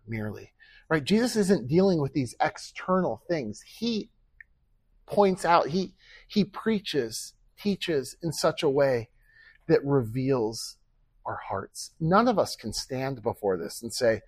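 A man's voice: mid-range voice, lively intonation, slow, slightly rough, no room sound. A man preaching a sermon as pastor, earnest and conversational, with rhetorical questions and acted-out quoted speech.

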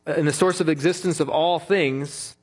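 A man's voice: fairly high pitch, steady tone, normal speed, breathy edge. A middle-aged man preaching a sermon as a pastor, earnest and repeating key phrases for emphasis.

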